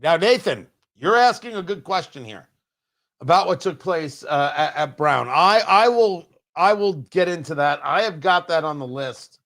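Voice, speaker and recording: A man's voice: on the high side, creaky. A male host on a live-streamed talk show, joking with chat viewers and often restarting his sentences. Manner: animated, teasing chat-reader banter; halting, restarts mid-sentence.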